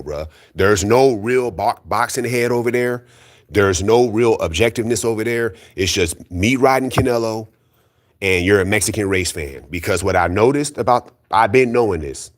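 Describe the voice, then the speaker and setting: A man with a low voice rants straight to his audience about boxing. He is blunt and profane and keeps hammering the same points. His delivery is insistent and argumentative. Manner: keeps calling out critics, insistent. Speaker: boxing commentary YouTuber. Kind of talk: heated solo rant.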